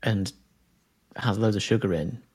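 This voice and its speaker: A man's voice: lowish voice, measured pace, darkish tone, husky. A man co-hosting a podcast, jokey and opinionated, reading out a listener's comment. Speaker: podcast co-host. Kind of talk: casual chat.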